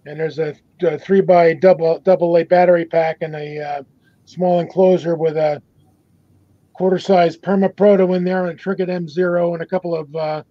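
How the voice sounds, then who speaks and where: An older man showing a homemade electronics project on a video call, halting with many fillers and restarts. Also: on the high side, flat delivery, no echo, highs cut off. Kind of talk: casual show-and-tell on a video call.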